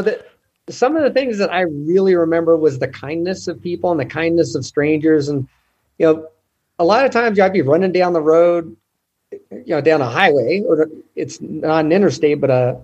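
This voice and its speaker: A man from the United States telling animated stories in an interview, acting out the people he met with quoted lines and laughter. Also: a little high, moderate pace, husky, dull audio. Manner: animated, retells encounters with quoted dialogue and laughs. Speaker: guest, ultrarunner. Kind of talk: storytelling in an interview.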